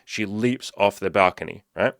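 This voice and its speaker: A man's voice: lowish voice, moderate pace, gravelly, no room sound, clean studio sound. A man talking casually to camera as a self-improvement coach, swearing freely and acting out panicky inner voices. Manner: profane, animated, acts out panicky inner voices.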